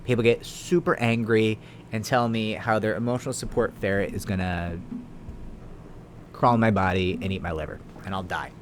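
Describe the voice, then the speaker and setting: Lawyer guy talking to camera, lowish voice, keeps saying right?, dry sarcastic jokes, faint hiss behind. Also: steady tone, moderate pace. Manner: conversational, tag questions, dry sarcastic asides. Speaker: lawyer explaining the law. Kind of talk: casual explanatory video talk.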